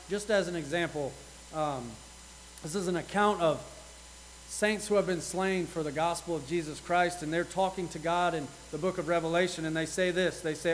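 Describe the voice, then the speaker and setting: High-voiced earnest male preacher. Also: slight background noise, poor audio. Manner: earnest, reads scripture with rising intensity. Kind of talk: sermon.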